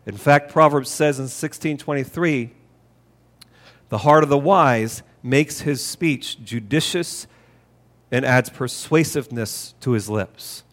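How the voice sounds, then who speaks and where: A man's voice: medium pitch, takes it slowly, a bit bright. A man preaching a sermon as a pastor, speaking earnestly and repeating key phrases for emphasis. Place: church sanctuary. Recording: long reverb of a church hall. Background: hall reverb.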